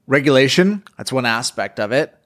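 A man's voice: mid-range voice, animated, moderate pace, a bit bright. A man hosting a podcast who asks thoughtful, long framing questions of his guest. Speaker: podcast host. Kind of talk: podcast interview.

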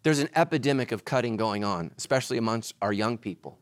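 Animated preaching man, dry sound. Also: medium pitch, fast, no room sound. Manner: animated preaching, swings between loud and hushed. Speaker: pastor. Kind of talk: sermon.

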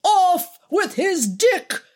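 A woman's voice: mid-range voice, sing-song, takes it slowly, pitched above the performer's own voice, full character voice. A woman voicing a sardonic veteran actor. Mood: mocking. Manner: mocking, gossipy. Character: older male stage actor, sardonic veteran.

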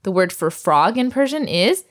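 A woman's voice: mid-range voice, very animated, normal speed. A woman teaching a recorded language lesson, patiently drilling words and laughing often.

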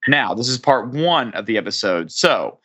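Bright-voiced joking podcast host man. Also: mid-range voice, expressive, moderate pace, husky. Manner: playful, joking introductions. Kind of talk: casual podcast banter.

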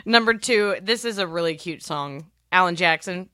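Giggly, lively woman podcast co-host. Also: fairly low pitch, moderate pace, no room sound, clean studio sound. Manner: giggly, teasing, breaks into singing. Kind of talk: casual podcast chat, counting down songs.

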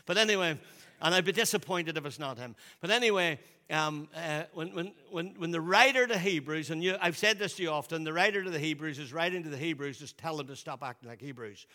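A man's voice: fairly quick, pushed and bright, in a large hall. A man preaching a sermon in a loose, conversational way, often repeating and restarting his words. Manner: conversational, repeats himself, drops to a low voice for quotes. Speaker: pastor.

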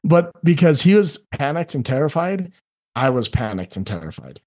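A middle-aged man who works as a life coach, talking earnestly on a podcast and often acting out other people in quick asides. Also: on the high side, very animated, a little mellow. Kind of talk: candid podcast conversation.

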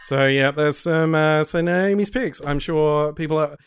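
A man keeps a casual podcast chat going and teases his co-hosts. His voice sits slightly high. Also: measured pace, slight background noise. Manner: teasing, quizzing the others. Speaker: podcast co-host. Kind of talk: casual banter.

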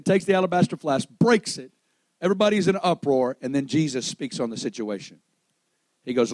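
A man preaching a sermon to a church service, swinging between loud, raised peaks and hushed, low lines and acting out the voices of the people in his story. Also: dry recording, low-quality recording. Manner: acts out quoted voices in storytelling.

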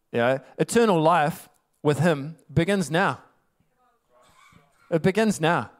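A man preaching a casual, conversational sermon, laughing often and tossing in rhetorical asides. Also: on the high side.

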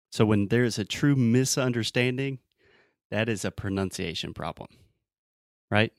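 A man's voice: on the low side, animated, moderate pace, gravelly, pauses often, no echo, studio quality. A man with a Southern US accent, an English teacher explaining in a casual chat, often acting out sample quotes. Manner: explains with acted-out example quotes.

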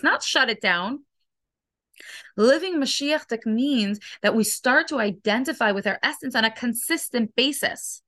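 Earnest higher-voiced woman teaching. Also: a bit bright, no echo. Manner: earnest, emphatic, fast bursts with rhetorical questions. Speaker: program host. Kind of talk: inspirational Torah lesson.

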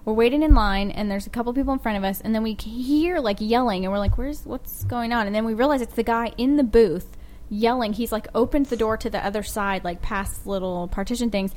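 Animated woman telling a travel story. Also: on the high side, brisk. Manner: animated storyteller, laughs often. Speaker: podcast co-host. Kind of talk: casual chat.

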